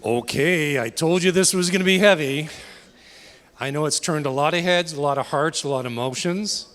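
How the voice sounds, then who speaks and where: A man with a fairly high, slightly bright voice speaks at normal speed as he organizes a town hall. He earnestly addresses the audience and asks them questions, his words echoing in a reverberant meeting room with a faint crowd behind.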